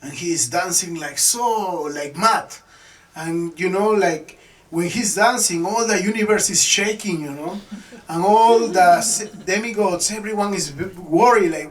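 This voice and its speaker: Brief: male devotional storyteller, lively retelling, slightly high voice, mic placed far off. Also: a little slow, a little hiss or hum. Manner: animated retelling, frequent "you know".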